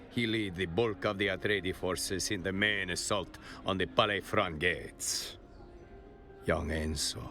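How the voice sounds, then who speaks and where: A gruff Italian-accented old soldier. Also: male voice, low voice, sharp tone, a little hiss or hum, exaggerated voice. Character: gruff male veteran soldier turned bar bouncer. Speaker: non-player character in a video game. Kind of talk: video game voice acting.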